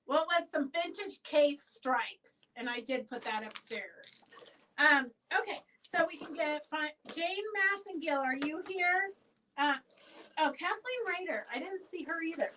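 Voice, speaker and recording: Woman, shop owner, live sale host, high voice, bright tone, rambling chatty calls, a bit distant from the mic. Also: unhurried, a little hiss or hum. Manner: chatty, rambling, calling out winners' names. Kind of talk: live sale stream, casual chat and auction calling. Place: indoor fabric shop.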